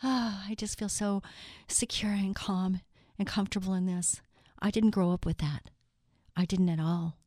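A middle-aged woman delivers a devotional talk with scripture readings, earnest and heartfelt as she speaks straight to her listeners. Her voice is smooth and clear, recorded close and dry. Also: mid-range voice, a little mellow, no room sound. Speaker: Christian speaker.

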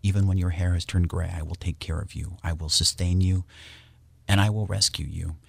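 A man's voice: deep voice, steady tone, moderate pace, creaky, slightly rough, no room sound. A man speaking as a radio guest, enthusiastic and promotional, reading scripture aloud. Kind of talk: radio interview talk.

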